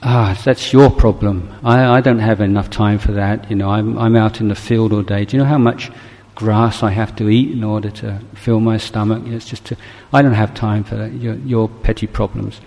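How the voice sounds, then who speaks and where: A man's voice: on the low side, steady tone, normal speed, gravelly, few pauses, a little mellow, in a large hall. A man voicing a busy cow who impatiently brushes off a friend's trouble in a storybook tale. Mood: dismissive. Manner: dismissive, impatient. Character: busy dismissive cow, grumbling excuses.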